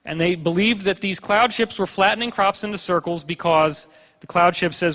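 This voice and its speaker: A man's voice: on the high side, brisk, a bit bright. A man giving a conference lecture with slides, a joking, sarcastic storyteller who acts out the people he quotes. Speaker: conference speaker. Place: conference hall. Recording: long hall reverb.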